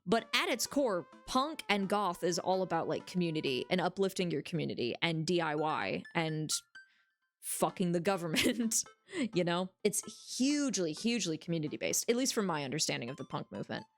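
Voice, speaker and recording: A woman's voice: on the low side, very animated, normal speed. A young woman streamer giving casual, joking game commentary, giggling often and swearing freely, over faint music.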